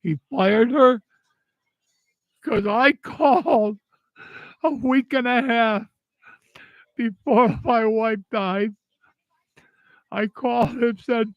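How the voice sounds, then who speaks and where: An older man talking through tears in a halting, repetitive way, angry and grieving. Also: very high voice, no echo, highs cut off. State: tearful. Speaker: vlogger. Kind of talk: emotional personal monologue.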